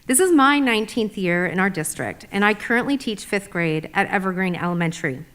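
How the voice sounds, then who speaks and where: A woman's voice: medium pitch, expressive, a little fast, fairly bright tone. A middle-aged woman teacher giving formal, organized public comment at a school board meeting.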